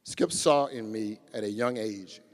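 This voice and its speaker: A man's voice: fairly low pitch, measured pace. Middle-aged male athletic director from Louisiana, earnest eulogy, arena reverb. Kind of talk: prepared memorial remarks. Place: large arena memorial service. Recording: long reverb in a big arena.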